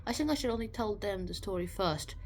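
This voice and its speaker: A stubborn male balloon explorer with a haughty, clipped way of refusing, voiced by a woman. His voice sits a little above her everyday pitch and comes out firm and loud. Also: lively intonation, brisk, close to an everyday voice.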